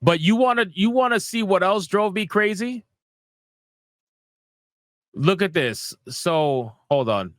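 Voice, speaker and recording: A man's voice: sits high, lively intonation, slow, pauses often, a bit bright, no room sound. A man giving casual, profane gaming commentary, ranting in exasperation and repeating himself.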